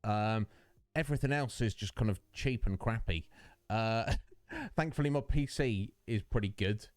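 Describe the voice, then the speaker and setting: This British Twitch streamer has an expressive voice on the low side and speaks a little slowly, rambling and joking with viewers and answering them by name while he games. The recording, made at his home setup on a studio dynamic mic, is dry.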